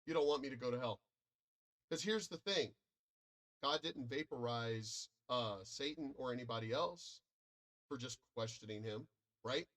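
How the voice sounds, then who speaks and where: A man's voice: mid-range voice, unhurried, long pauses, a bit bright. An American man in a profane, combative and boastful ranting monologue, commenting online. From United States.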